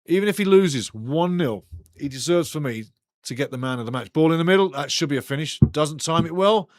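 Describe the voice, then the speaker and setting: A man with a slightly high voice and lively intonation talks fairly quickly, recorded dry in clean studio sound. He hosts a live football watch-along, calling plays as they happen and chatting loosely with viewers in rambling, banter-filled commentary.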